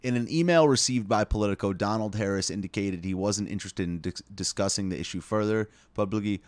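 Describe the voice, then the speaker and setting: A man's voice: on the low side, fairly quick, dry recording. A man hosting a casual live stream, reading headlines aloud with wry asides and chuckles. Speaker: live show host.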